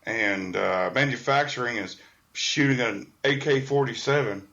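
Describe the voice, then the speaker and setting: A man's voice: medium pitch, unhurried, pushed and bright, muffled recording. A man co-hosting a casual podcast, chiming in with short agreements and wisecracks. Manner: brief agreeing interjections and wisecracks. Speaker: podcast co-host.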